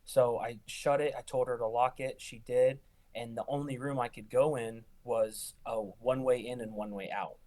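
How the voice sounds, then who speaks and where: Young male ER nurse, animated storyteller, mid-pitch voice, casual podcast chat. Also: normal speed. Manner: animated, acts out quoted lines with rising pitch. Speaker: ER nurse guest.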